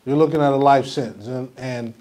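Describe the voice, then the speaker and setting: A man's voice: medium pitch, a little fast, darkish tone. A man pastor preaching a conversational sermon in a church, often asking the congregation questions. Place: church sanctuary.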